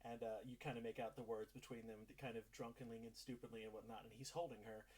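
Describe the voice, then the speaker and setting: A man runs a tabletop game as its game master, describing scenes in a loose, casual way. His voice is slightly husky and sits at an ordinary pitch. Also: little pitch movement, quick pace, a little mellow, poor audio. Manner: casual, descriptive narration with fillers.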